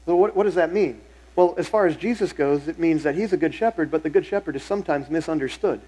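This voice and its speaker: Pastor, man, middle-aged, fairly high voice, conversational sermon with repeated phrases for emphasis. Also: fast talker, mellow, breathy edge, rough recording. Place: church sanctuary.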